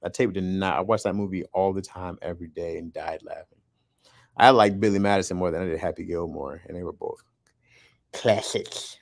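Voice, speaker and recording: Low-voiced man in casual joking chat. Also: steady tone, fairly quick, vocal fry, no room sound, studio quality. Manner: joking, rambling storyteller.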